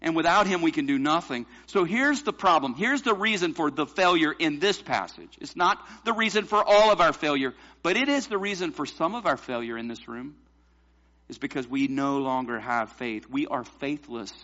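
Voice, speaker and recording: Bright-voiced preacher, emphatic and questioning. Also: male voice, on the high side, expressive, normal speed, lo-fi sound. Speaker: pastor. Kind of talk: sermon.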